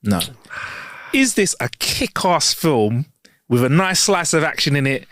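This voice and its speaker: A young man co-hosts a podcast, talking with a lively, swooping pitch that sits a little high. He jokes with a dry sarcasm and tells stories with plenty of energy. His voice is recorded close and dry, with no room sound around it. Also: unhurried, no echo. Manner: jokey, sarcastic, animated storytelling. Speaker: podcast co-host. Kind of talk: casual chat.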